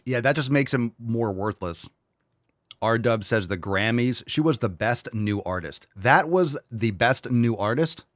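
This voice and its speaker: A man's voice: medium pitch, expressive, unhurried, no echo, clean studio sound. A man hosting a livestream, ranting and mocking while he reads viewer chat aloud, heavy with swearing. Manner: profane, mocking rant. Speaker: host. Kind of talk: livestream commentary, reading chat.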